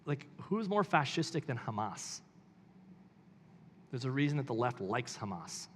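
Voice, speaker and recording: A man's voice: mid-range voice, big pitch swings, unhurried, long reverb tail, slight background noise. A man reading a book aloud and commenting on it, with emphatic rising questions between quotes. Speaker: pastor.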